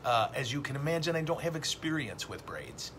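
A man's voice: mid-range voice, big pitch swings, a little fast, background noise. A middle-aged man, a Catholic priest, hosting a casual livestream teaching and rambling along with self-deprecating jokes.

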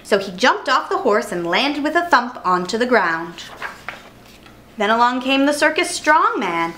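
A woman storyteller reading a children's picture book aloud in an expressive way. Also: fairly high pitch, measured pace, slight background noise. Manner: expressive, animated.

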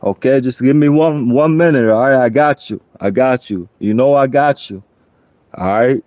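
A man's voice: mid-range voice, a little mellow, no echo. A man chatting casually on his livestream, pleading for donations and joking along the way. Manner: pleading and joking, slow drawl.

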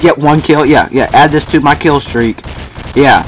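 A young man giving excited, boastful commentary while playing a shooter game. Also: medium pitch, moderate pace, a little hiss or hum. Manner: boastful, frustrated, exclaiming. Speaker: gamer narrating his match. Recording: faint gunfire from the game behind.

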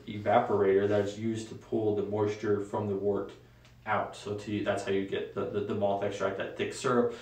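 A young adult man hosting a casual solo talk show, relaxed and rambling with frequent ums. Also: lowish voice. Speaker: host. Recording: echoey room, voice a bit far from mic.

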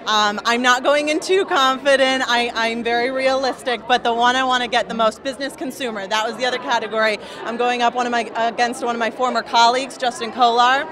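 A woman's voice: fairly high pitch, steady tone, fairly quick, few pauses, crowd noise. Modest joking woman reporter. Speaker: TV news reporter. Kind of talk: casual interview.

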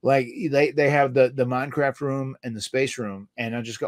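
A man's voice: medium pitch, steady tone, moderate pace, no echo, studio quality. A man hosting a podcast, chatting casually and telling stories with quoted voices, laughing often. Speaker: podcast host, former wrestler. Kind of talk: casual chat.

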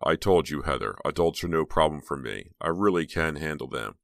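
A man's voice: very deep voice, fairly quick, creaky, dry recording, clean studio sound, full character voice. A man voicing a polite, easygoing young man who jokes lightly. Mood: assured. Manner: calm, polite, lightly joking.

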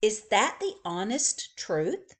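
A woman voicing a stern but caring mother rabbit who asks firm, measured questions. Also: medium pitch, very animated, fairly bright tone.

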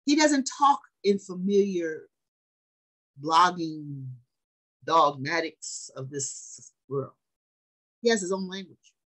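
A woman's voice: fairly low pitch, animated, takes it slowly, long pauses, fairly bright tone, rough recording. A woman preaching a sermon, speaking emphatically, repeating phrases for weight and putting questions to her listeners.

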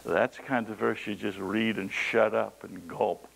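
Gravelly-voiced male preacher. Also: on the low side, steady tone, measured pace, a bit bright, slight background noise, rough recording. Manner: dramatic storytelling, voice rises for emphasis; reads scripture in old King James wording. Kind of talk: sermon.

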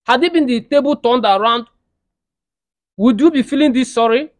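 A heartbroken husband, played by a Nigerian man in a comedy skit. His voice sits high and is recorded dry and close. He wails and threatens in aggrieved outbursts. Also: moderate pace, no echo. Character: betrayed husband, outraged and heartbroken.

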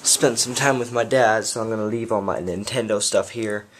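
A man's voice: on the low side, fairly even intonation, moderate pace, slight background noise. A young man talking offhand through a casual daily vlog, with lots of fillers, filmed on a handheld camera while out and about. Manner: rambling and offhand, with many fillers. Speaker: vlogger. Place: out and about on a phone camera, indoors and outdoors.

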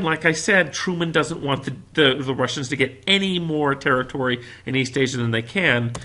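A man from the United States giving a classroom history lecture with animated storytelling. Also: on the high side. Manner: animated storytelling, acts out quotes. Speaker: history teacher.

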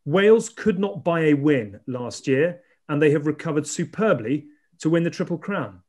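A man's voice: on the high side, animated, normal speed, darkish tone. A man hosting a podcast, delivering a rhetorical, emphatic opening before chatting casually. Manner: rhetorical and emphatic, building lists. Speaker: podcast host. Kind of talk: scripted monologue, then casual chat.

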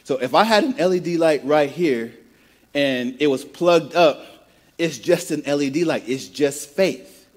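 A man's voice: a little high, a little slow. A male pastor from the American Midwest preaching a conversational sermon, often repeating words as he builds a point and prompting the congregation to repeat phrases back. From Midwest of the United States.

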